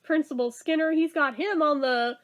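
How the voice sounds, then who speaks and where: Reviewing a TV episode in a casual, chatty way, this woman speaks at a moderate pace in a voice that sits high. Laughter fills her talk, and "like" turns up in nearly every sentence.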